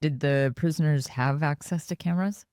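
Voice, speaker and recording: A man's voice: fairly high pitch, moderate pace, a little mellow, clean tone, dry recording, clean studio sound. A man hosting an interview who opens the episode with enthusiasm and asks short questions. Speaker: host. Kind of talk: interview host.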